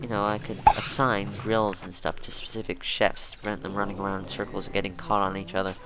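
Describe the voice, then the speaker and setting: A man's voice: sits low, level tone, a little fast. A man giving casual gameplay commentary, musing and thinking aloud as he plays.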